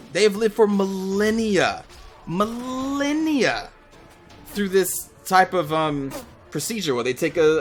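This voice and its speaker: A young man with a slightly high voice chats loosely over a game he is playing. He rambles, restarts his sentences, and drops the odd swear word. Faint music plays behind him. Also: pushed and bright. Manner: rambling, chatty, with fillers and casual swearing. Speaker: gaming channel host. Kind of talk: casual commentary over gameplay.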